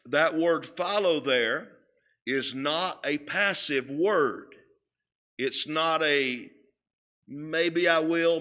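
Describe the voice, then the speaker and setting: A man teaching a Sunday school Bible lesson in a church, speaking in a slow, emphatic way and often repeating his words. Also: a little high, sharp tone. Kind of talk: sermon-style Bible lesson. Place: church sanctuary.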